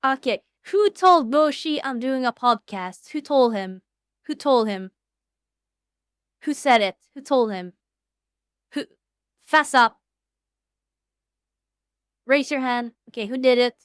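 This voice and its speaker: Woman streamer, smooth voice, swearing, excitable, jumps loud then mumbly. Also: a little high, unhurried, long pauses, dry recording, studio quality. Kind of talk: casual livestream chat.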